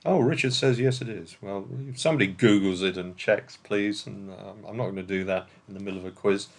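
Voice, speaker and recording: A man's voice: fairly low pitch, a little fast, gravelly. An English man hosting an online quiz night over a video call, reading questions and bantering playfully with players. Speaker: quizmaster.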